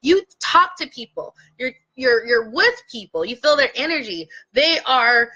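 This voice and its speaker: A woman's voice: fairly high pitch, lively intonation, unhurried, sharp tone, breathy edge, lo-fi sound. A woman real estate investor coaching her viewers in an earnest, impassioned talk, at times close to tears. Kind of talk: heartfelt direct-to-camera talk.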